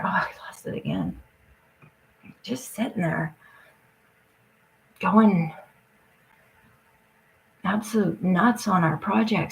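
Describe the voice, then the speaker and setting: A woman from Canada rants in a loose, rambling monologue, agitated and swearing freely. Her mid-pitched voice drops into a gravelly fry at the ends of phrases. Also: a little hiss or hum, poor audio.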